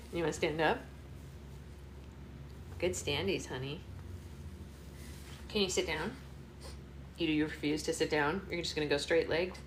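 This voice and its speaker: A woman hosting a book club live stream, chatting with her toddler in sing-song, animated baby talk. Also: fairly low pitch, a little hiss or hum.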